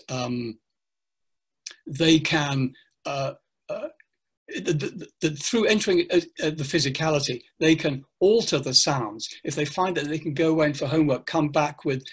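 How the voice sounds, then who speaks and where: An older man, a teacher trainer, speaking in an online interview with animated, hesitant explanations full of fillers. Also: fairly high pitch, husky.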